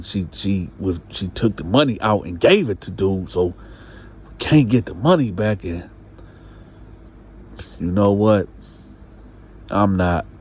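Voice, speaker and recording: A man's voice: sits low, a little mellow, breathy edge. A man telling a story in a casual, talkative way, often repeating himself and restarting. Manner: talkative, repetitive, stammering restarts. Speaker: storyteller host.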